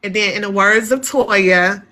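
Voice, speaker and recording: Bright-voiced woman sharing candidly. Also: medium pitch, unhurried. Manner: candid, animated storytelling with laughter. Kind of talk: casual spiritual discussion.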